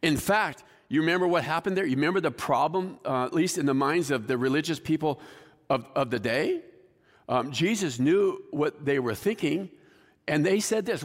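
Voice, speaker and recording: A man preaches a sermon from a church sanctuary, his voice sitting a little high for a man. He talks in a conversational way and asks the congregation questions. His words ring out with the long reverb of a large hall. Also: animated, moderate pace. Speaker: pastor.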